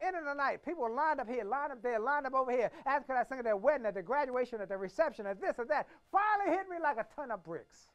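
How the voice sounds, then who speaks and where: Speaking fast and animated, with hardly any pauses, a motivational speaker in his fifties from the Washington, D.C. area powers through a keynote. His emphatic storytelling leans on repeated phrases and alternates between a hush and a boom.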